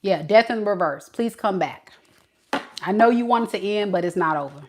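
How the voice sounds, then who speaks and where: A woman's voice: mid-range voice, expressive, normal speed, noisy background. A woman giving a casual tarot reading, chatting animatedly and talking straight to her viewers. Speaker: tarot reader.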